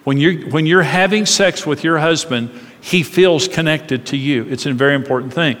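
Animated man preaching in a reverberant hall. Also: a little high, normal speed. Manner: animated, acts out voices in his stories. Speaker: marriage speaker. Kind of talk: sermon-style marriage talk.

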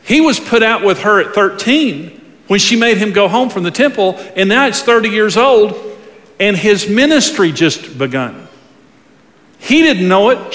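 A man preaching a sermon, telling stories with lively pacing and acting out the voices of the people he quotes. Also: high-pitched. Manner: animated storytelling, acts out quoted voices. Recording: long reverb of a large hall.

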